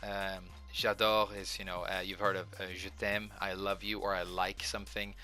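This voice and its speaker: A man with a hoarse voice, rambling casually as a gaming video host and hesitating often. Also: low voice, flat delivery, a little fast, pushed and bright, soft background music. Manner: hesitant, lots of filler words.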